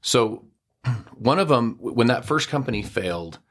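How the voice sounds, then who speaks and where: A middle-aged man as a podcast guest, telling a personal story in a casual, animated way and acting out the dialogue. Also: medium pitch, unhurried.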